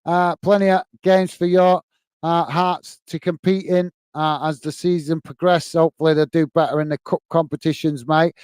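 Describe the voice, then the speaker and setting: Man, football stream host, friendly, tired, filler-heavy, smooth voice, dry close sound. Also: a little high, flat delivery, moderate pace, darkish tone, dry recording. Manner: friendly, repetitive sign-offs, many fillers. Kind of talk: live stream chat reading viewer comments.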